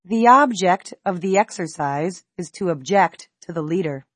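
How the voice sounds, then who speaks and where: A woman slowly reading a scripted pronunciation lesson, enunciating each word with deliberate care. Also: on the low side, animated, a bit bright, dry recording. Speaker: pronunciation teacher. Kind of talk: slow scripted pronunciation drill.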